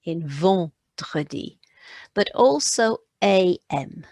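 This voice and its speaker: A woman's voice: fairly low pitch, expressive, unhurried, no echo. A woman patiently teaching French phonics to children, modelling each sound aloud. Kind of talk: recorded phonics lesson for children.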